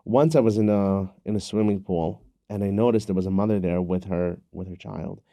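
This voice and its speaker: A man's voice: sits low, fairly even intonation, normal speed, dark tone, no room sound. A man hosting a podcast, telling a story and asking questions in an earnest, conversational way. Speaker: podcast host.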